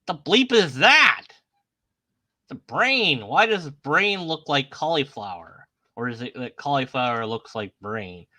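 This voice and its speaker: Lively, bright-voiced sarcastic man. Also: mid-range voice, slow. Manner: sarcastic, questioning, mocking voices. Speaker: YouTube host. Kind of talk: casual commentary on images.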